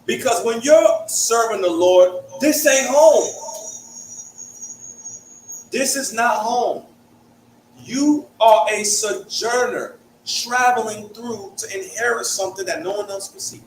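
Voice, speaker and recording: A young man from Hartford, speaking with a Connecticut accent, runs a conversational Bible study in a high, slow voice. He peppers his points with "right?". The recording has room echo, a far-off mic and a faint hiss.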